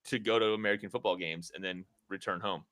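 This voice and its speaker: A man's voice: deep voice, fairly even intonation, quick pace, a bit bright. A man hosting a casual sports podcast, rambling and joking with lots of fillers. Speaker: podcast host. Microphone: podcast mic.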